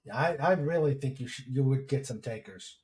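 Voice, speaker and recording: A man hosting a podcast in casual chat, reading listener messages aloud and counting slowly. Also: mid-range voice, expressive, darkish tone, reverberant, rough recording. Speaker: podcast host.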